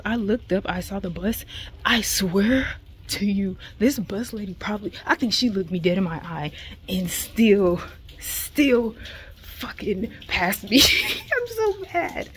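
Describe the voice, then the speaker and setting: A woman's voice: medium pitch, a little hiss or hum. Profane, fired-up young woman ranting. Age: young adult. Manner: animated, profane, emphatic storytelling. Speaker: college student vlogger. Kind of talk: casual ranting vlog.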